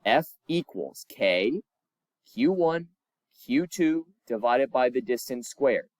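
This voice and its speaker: Lively male physics teacher, dry sound. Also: medium pitch, takes it slowly, no room sound. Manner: lively, chatty and encouraging, with asides. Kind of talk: recorded homework walkthrough.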